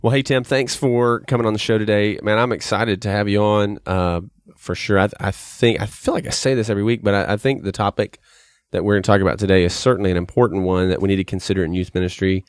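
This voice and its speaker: A man's voice: lowish voice, steady tone, quick pace, clean tone, no room sound, studio quality. A man with an American accent hosting a podcast interview, chatty and self-deprecating, with many fillers and restarts. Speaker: podcast host, youth pastor.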